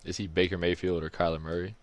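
A very deep-voiced man hosts a sports radio show from the studio. He is loose and chatty and laughs often. He talks like a football player among friends. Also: level tone, fast. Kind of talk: casual sports radio chat.

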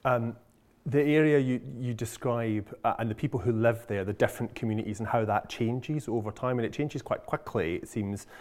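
A man's voice: medium pitch, moderate pace, a little mellow. A man interviewing an author, asking chatty and enthusiastic questions. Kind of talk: conversational interview.

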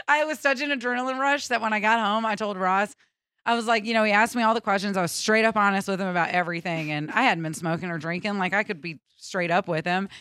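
A young woman tells a story on a radio show, laughing often as she goes. Her voice is bright and forward. It is recorded close and dry. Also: medium pitch, quick pace, clean tone, no echo. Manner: nervous, laughing, animated retelling. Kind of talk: casual storytelling chat.

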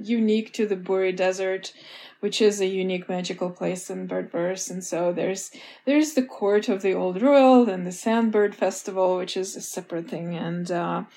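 A woman's voice: mid-range voice, darkish tone. A woman author talking as a guest in a casual interview, rambling a little and laughing often.

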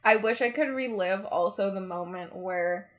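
A woman's voice: medium pitch, moderate pace, muffled recording. A young woman telling family stories in casual chat, laughing often and acting out the quotes. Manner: animated storyteller, laughs often, acts out quotes.

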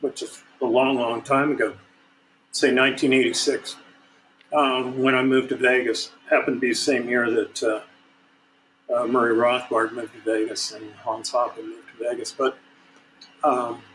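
A man's voice: mid-range voice, level tone, fairly bright tone, a little hiss or hum, low-quality recording. Man in his sixties, filler-laden expert talk. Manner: measured, many fillers and restarts. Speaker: guest banking expert. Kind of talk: podcast discussion.

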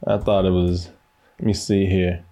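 A man's voice: low-pitched, little pitch movement, moderate pace, warm tone. A man co-hosting a casual movie-reaction chat, talking in loose, laughing, profane banter. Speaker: co-host reacting to film clips.

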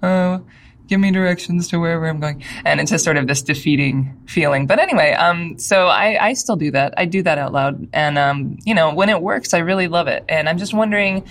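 A woman's voice: low voice, a little fast, gravelly, hardly any pauses, a bit bright. A woman co-hosting a casual podcast, speaking with a slight lisp, chatty and posing questions to the others. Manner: chatty, questioning, laughs often. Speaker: podcast co-host. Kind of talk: casual chat.

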